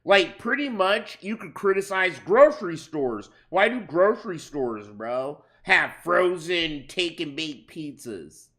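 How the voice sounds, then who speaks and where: A man's voice: on the high side, expressive, takes it slowly, few pauses, a bit bright. A young man doing casual reaction commentary on a stream, crude and profane as he rambles through stories.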